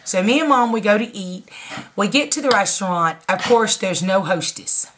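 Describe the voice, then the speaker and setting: A woman's voice: medium pitch, moderate pace, a bit bright. A woman in her forties telling a story in a casual, blunt way, swearing freely and laughing along. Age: 40s. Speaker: vlogger.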